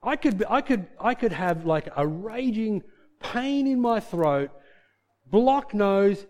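A man's voice: high voice, animated, slow pace, darkish tone. A man preaching a sermon in a chatty style, acting out little dialogues as he goes. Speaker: pastor.

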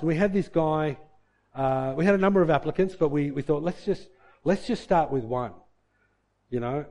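A man's voice: medium pitch, mellow. A man preaching a sermon and telling a personal story in a conversational way, with asides to the listeners. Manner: conversational, with many restarts and asides to the congregation.

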